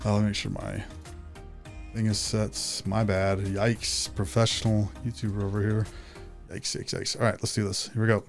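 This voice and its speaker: A man's voice: lowish voice, little pitch movement, moderate pace, creaky, faint music behind. A man hosting a reaction video, chatting casually with laid-back, joking asides while wearing headphones at his home setup. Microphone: headphones on, home recording setup.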